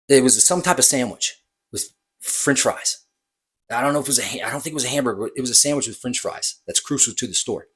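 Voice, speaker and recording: A man's voice: mid-range voice, fairly bright tone, slightly rough. A man who works as a bartender, casually telling a story in a rambling, hesitant way and correcting himself.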